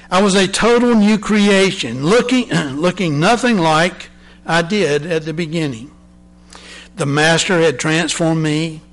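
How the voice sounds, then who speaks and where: A man, a preacher, reading a parable aloud slowly and deliberately, often dropping to a soft, low voice.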